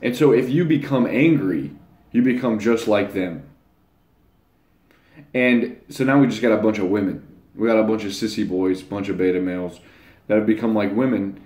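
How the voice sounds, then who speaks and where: A man's voice: on the low side, normal speed, a little mellow. A young man talking casually to his channel's viewers, blunt and rambling, with crude slang. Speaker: channel host. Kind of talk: casual monologue to camera. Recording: echoey room.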